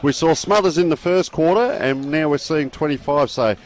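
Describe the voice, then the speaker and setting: A man's voice: fairly high pitch, moderate pace. Chatty Australian footy commentator, man. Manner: chatty, relaxed, folksy asides. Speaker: football commentator. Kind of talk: live sports commentary.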